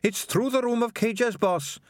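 Narrator doing a brash male rat sidekick, pitched high and eager. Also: a little slow, no echo, clean studio sound. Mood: warning.

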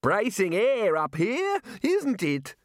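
A man voicing a cheerful elderly wizard leader in a high, lilting, drawn-out voice. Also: wildly swooping pitch, no echo, clean studio sound, exaggerated voice. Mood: breezy.

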